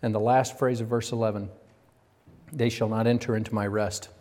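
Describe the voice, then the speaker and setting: A middle-aged man preaching a sermon as a pastor, swinging between raised, emphatic stretches and quiet, confiding asides. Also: on the low side, flat delivery, moderate pace.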